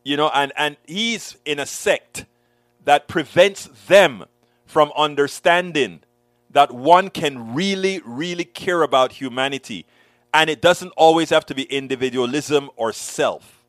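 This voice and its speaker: A man hosting a talk show, speaking in an animated, preachy way and often repeating his words. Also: on the high side, measured pace, no room sound, clean studio sound. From West Indian roots. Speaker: show host. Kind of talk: casual chat.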